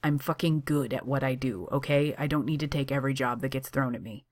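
A sarcastic young man answers in a dry, clipped, firm voice, done by a woman reading the story. He talks low and level, and his words stay short and certain. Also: brisk, dry recording.

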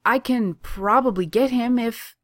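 A reader playing an eager young male barista who sounds bright and nervous. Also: mid-range voice, animated, normal speed, smooth, no echo, studio quality, natural voice.

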